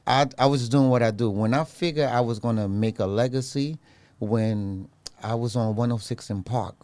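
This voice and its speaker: A man's voice: moderate pace, dry recording. New man in his fifties telling stories. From Brooklyn, New York, of Honduran Garifuna parents. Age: 50s. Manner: animated, acts out quoted voices in a higher pitch. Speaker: guest photographer. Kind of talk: casual storytelling.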